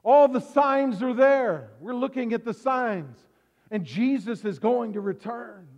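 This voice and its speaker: Male pastor with a very high voice, swings from hushed to shouting, echoey church hall, muffled lo-fi recording. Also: animated, a little slow. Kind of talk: sermon. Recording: echoey hall, dull lo-fi sound.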